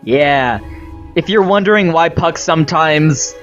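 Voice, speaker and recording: A man's voice: a little high, expressive, measured pace, a bit bright, muffled recording, faint music behind. A man giving casual, sarcastic and profane commentary while playing a video game. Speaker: let's play host.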